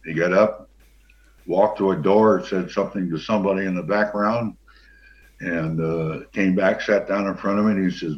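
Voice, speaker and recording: An older man, a former pro football player, telling a long anecdote as an interview guest in a relaxed, rambling way with many fillers. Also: sits low, moderate pace. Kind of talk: anecdotal storytelling. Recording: dull lo-fi sound.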